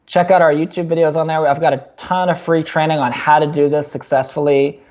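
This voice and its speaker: Fast-talking young man telling his story. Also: fairly high pitch, highs cut off. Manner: fast, animated storytelling with many fillers and restarts. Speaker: podcast guest. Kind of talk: casual storytelling interview.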